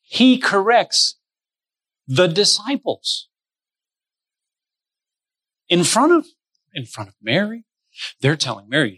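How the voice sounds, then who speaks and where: A man's sermon voice, pitched a little high and very bright, delivered at a slow, deliberate pace. He preaches with emphasis and leans hard on key words as he speaks straight to his congregation. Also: sing-song, breathy edge, no room sound. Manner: addresses listeners directly. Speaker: pastor.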